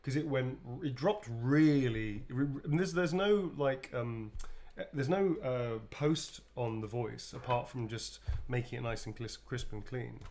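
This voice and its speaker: A man's voice: mid-range voice, measured pace, a little mellow. A middle-aged man from England chatting casually while signing autographs, laughing often and swearing freely. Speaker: actor signing autographs on a livestream. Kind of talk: casual chat.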